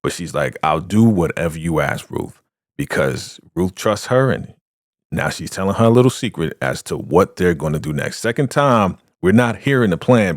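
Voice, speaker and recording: Animated man recapping a TV episode. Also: sits low, no room sound, studio quality. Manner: animated retelling that acts out the scenes. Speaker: TV recap vlogger. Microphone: studio podcast microphone.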